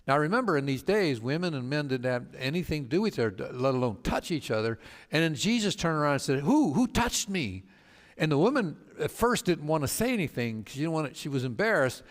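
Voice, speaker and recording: A man, a pastor, teaching a Bible study in a storytelling way, halting with fillers and restarts and acting out the people he quotes. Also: fairly high pitch, very animated, big-room sound. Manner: acts out quoted speakers with voice changes.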